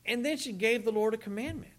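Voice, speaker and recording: A man preaching a sermon in a conversational, animated way, with asides to his congregation. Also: sits high, quick pace.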